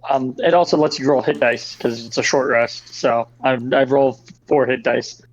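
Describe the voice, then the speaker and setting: A man's voice: medium pitch, steady tone, moderate pace. Man explaining game rules on a dull mic. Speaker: player. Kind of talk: casual tabletop game chat.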